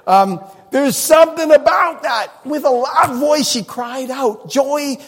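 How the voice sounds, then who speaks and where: A man preaching a sermon as a pastor, animated and humorous, often laughing. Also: very high-pitched, slow. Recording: long reverb in a hall.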